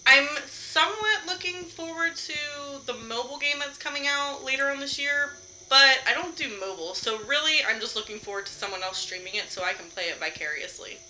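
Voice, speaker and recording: A woman's voice: sits high, animated, fairly quick, pushed and bright, a little hiss or hum, poor audio. A young woman streaming a game from home, chatting casually with her viewers, laughing often and swearing lightly. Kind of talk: casual live-stream chat while gaming.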